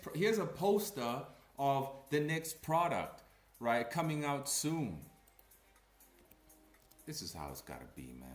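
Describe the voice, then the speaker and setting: A man giving blunt, animated commentary as a comic creator, with slangy asides. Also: mid-range voice. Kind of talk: casual ranting commentary. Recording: echoey room.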